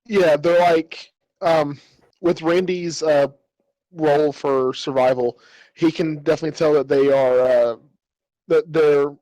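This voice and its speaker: A man's voice: a little high, steady tone, a little slow, mellow, dry recording, rough recording. A man narrating as game master of a tabletop game, rambling with many fillers and restarts.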